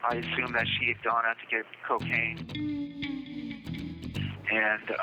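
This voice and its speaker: A man in a phone interview from jail, recounting events in a plain, halting first-person way. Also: mid-range voice, completely flat delivery, over loud music, rough recording. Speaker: jailed murder suspect.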